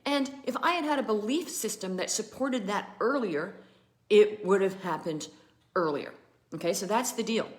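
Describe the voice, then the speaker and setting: A woman business coach talking in a chatty, animated and emphatic way to viewers of a live stream. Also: mid-range voice, normal speed.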